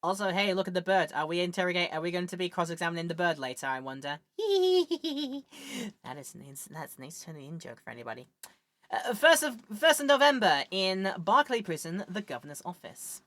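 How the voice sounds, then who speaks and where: A woman's voice: lowish voice, very animated, a little fast, fairly bright tone, no room sound. A woman streamer giving chatty, amused let's play commentary. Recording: game music behind.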